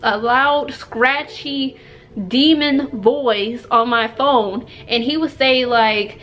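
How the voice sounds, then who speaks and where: A young woman with a high voice, recounting a personal story straight to camera. She talks in a chatty, emphatic way and circles back with plenty of fillers as she goes. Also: takes it slowly, fairly bright tone. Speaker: vlogger. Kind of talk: storytime vlog.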